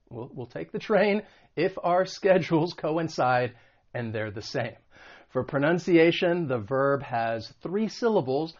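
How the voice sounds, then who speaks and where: A man from the United States teaching an online English vocabulary lesson, stressing example words slowly and carefully. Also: mid-range voice, animated, dull audio.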